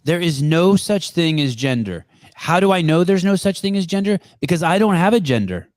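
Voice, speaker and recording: A man's voice: sits high, expressive, normal speed, darkish tone, dry recording, studio quality. A man hosting a podcast over a call, talking bluntly and crudely, joking in a casual chat. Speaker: podcast host.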